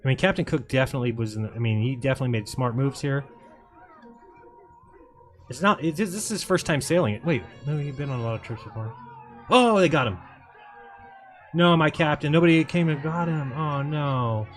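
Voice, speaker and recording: A man's voice: medium pitch, brisk. Male livestream host, sarcastic play-by-play over video, mocking tone throughout. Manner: mocking, sarcastic, talks over clips and reads comments aloud.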